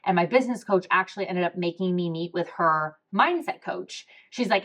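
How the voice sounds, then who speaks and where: A young adult woman, a podcast host, telling a candid personal story in a frank, expressive way, swearing freely and throwing in quick asides. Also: fairly low pitch.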